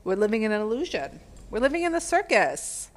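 A woman's voice: a little high, sing-song, brisk. A woman giving a casual spiritual talk to her followers, urging and swearing freely as she speaks. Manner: profane, exhortative, laughs at own words.

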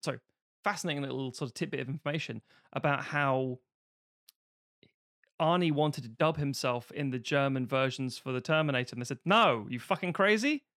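A man's voice: mid-range voice, a little fast, no echo, studio quality. A man hosting a casual podcast chat, telling film anecdotes and acting out quotes. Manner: animated storyteller acting out quotes. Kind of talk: casual chat about accents and films.

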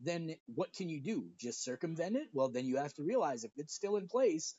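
Animated middle-aged man, dry lo-fi. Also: fairly high pitch, moderate pace, slightly rough, no echo. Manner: animated storyteller, puts on voices in his anecdotes. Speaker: podcast co-host, father. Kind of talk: casual conversation. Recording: dry, dull lo-fi audio.

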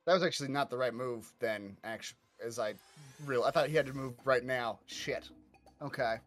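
A man's voice: mid-range voice, moderate pace, fairly bright tone. A man playing in a tabletop game, hesitant and thinking aloud as he picks his moves. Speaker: player.

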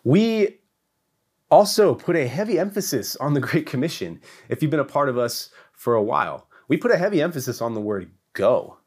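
Lively, emphatic preaching man. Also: normal speed. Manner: emphatic, repetitive preaching that swings between loud peaks and hushed lows. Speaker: church teacher. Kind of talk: sermon.

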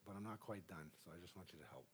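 A man preaching a charismatic sermon to a congregation in a church, passionate, swinging between loud exhortation and soft asides. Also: low voice, very fast, noisy background. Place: church sanctuary.

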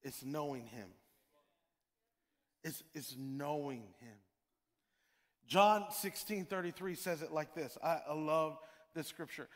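A man's voice: on the high side, slow, pauses often. A male pastor preaching a sermon in a church, emphatic and repetitive, full of rhetorical questions. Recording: long reverb of a large hall.

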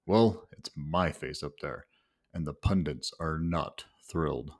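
A man's voice: rumbling low, a little slow. A man from England telling his own story in the first person, wry and self-mocking.

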